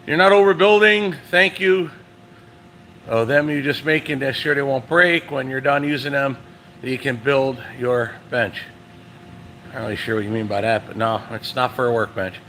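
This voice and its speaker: A man's voice: medium pitch, moderate pace, bright, forceful tone. A man hosting a live stream from his truck repair shop, chatting casually and reading viewer comments aloud. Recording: echoey shop with machine hum.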